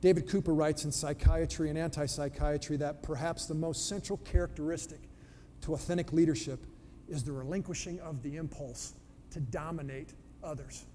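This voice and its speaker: Guy giving a leadership talk, kinda high mellow voice, big hall echo, faint hiss. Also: steady tone, moderate pace. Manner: storytelling, punchy emphatic delivery. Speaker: speaker on leadership. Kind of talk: motivational talk with fable. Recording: long hall reverb, faint background noise.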